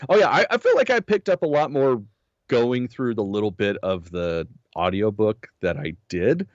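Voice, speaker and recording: Low, animated man, slightly hoarse. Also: normal speed, dry recording, lo-fi sound. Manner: profane, animated storytelling. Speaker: podcast co-host. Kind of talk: casual chat.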